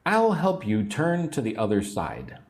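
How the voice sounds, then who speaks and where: A man's voice: medium pitch, wildly swooping pitch, measured pace. A man teaching an English lesson on a livestream, patiently repeating words for learners and sounding a little sleepy. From United States. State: sleepy, yawning.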